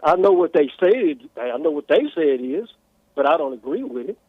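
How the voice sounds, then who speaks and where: A man's voice: fairly high pitch, expressive, a little fast, no room sound. Older male caller on a tinny phone line. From Tennessee. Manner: argumentative, questioning, repeats himself. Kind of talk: call-in argument.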